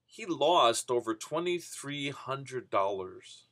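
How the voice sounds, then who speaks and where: Bright-voiced man telling a rambling story. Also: medium pitch, lively intonation, takes it slowly. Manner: rambling, full of "you know" and restarts. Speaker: vending business vlogger. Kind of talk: casual anecdotal storytelling.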